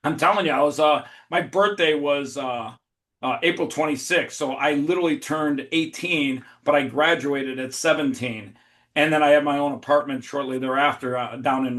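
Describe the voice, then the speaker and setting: A man telling a story in a relaxed podcast chat. His voice sits a touch high for a man, and he tells the tale with loose, profane energy and bursts of laughter. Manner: animated, swearing, laughing storyteller. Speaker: podcast guest. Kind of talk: casual storytelling.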